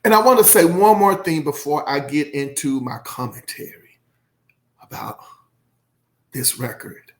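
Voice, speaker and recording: A man's voice: on the high side, animated, a little slow, pauses often. A man giving a casual, effusive album review, rambling and emotional, with many fillers. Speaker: music reviewer.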